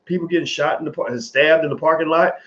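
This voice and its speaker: A man's voice: fairly high pitch, fast, a bit bright, dull audio. A man in his forties giving casual, rambling commentary straight to his viewers, swearing freely.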